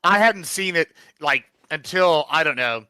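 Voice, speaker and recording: A man's voice: a little high, expressive, measured pace, bright, forceful tone, smooth, no room sound. A man with a Texas accent, a blunt panelist on a casual live-stream debate who cuts in and repeats himself through a poor microphone. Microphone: poor-quality microphone.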